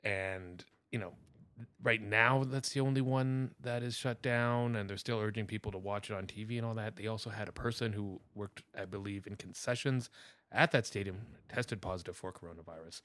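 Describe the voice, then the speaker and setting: A man's voice: lowish voice, normal speed, a bit bright. A man co-hosting a podcast, casually explaining and checking facts. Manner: informative, fact-checking. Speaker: podcast co-host. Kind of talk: casual chat.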